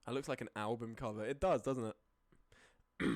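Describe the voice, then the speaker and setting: A streamer casually ranking images, often breaking into high laughing fits and then dropping into low, sweary mutters. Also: steady tone, normal speed, dry recording, clean studio sound. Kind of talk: casual live-stream commentary.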